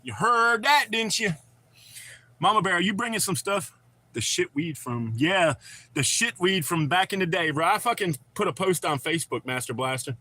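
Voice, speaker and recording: A man's voice: high-pitched, moderate pace, sharp tone, no room sound. Profane, chatty man streaming. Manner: loose and profane, chatting with viewers. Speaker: live streamer. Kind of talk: casual live-stream chat.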